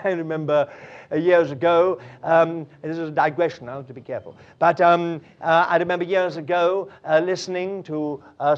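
A man preaching a sermon, drifting into chuckling anecdotes with many fillers. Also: fairly high pitch. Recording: dull lo-fi recording.

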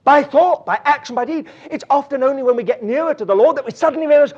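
A man's voice: extremely high pitch, fast, hardly any pauses, a little mellow. A man preaching a sermon, drifting into chuckling anecdotes with many fillers. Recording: dull lo-fi recording.

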